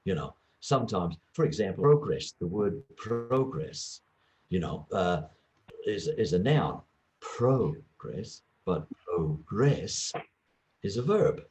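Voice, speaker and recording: A man with a fairly low voice speaks in an interview about teaching English. His pitch swings widely as he acts out short exchanges between teacher and student. The talk is easy and conversational. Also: a little slow, slight background noise. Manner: lively, acts out little classroom dialogues. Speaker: former exam examiner and English teacher.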